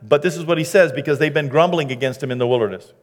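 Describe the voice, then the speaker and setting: A man's voice: fairly high pitch, fast talker. Man preaching in a reverberant hall. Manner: conversational preaching, dramatizes quoted speech. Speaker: pastor. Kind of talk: sermon.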